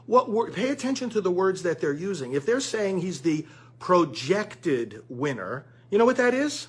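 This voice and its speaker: Husky high-voiced man explaining. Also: sing-song, moderate pace. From United States. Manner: earnest, addresses listeners as friends. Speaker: commentator. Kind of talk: political commentary monologue.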